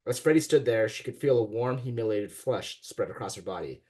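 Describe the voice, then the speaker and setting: A man reads a passage of his own fiction over a video call, giving it expression and shifting into the characters' quoted lines. His voice sits low and carries a husky, breathy edge. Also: expressive, a little fast, mellow. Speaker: guest author. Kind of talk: reading his fiction aloud.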